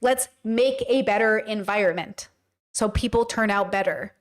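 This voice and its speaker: A woman's voice: mid-range voice, normal speed. A woman talking to her livestream chat in a blunt, emphatic way, swearing casually as she comments. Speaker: streamer and commentator.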